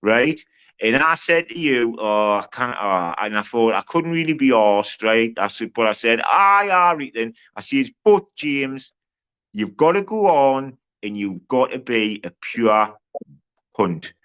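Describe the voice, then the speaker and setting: A man's voice: medium pitch, animated, a little slow, clear, resonant tone. Sweary man on a muffled stream. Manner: loud, sweary, mimicking others. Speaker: livestream panel co-host. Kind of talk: heated livestream argument.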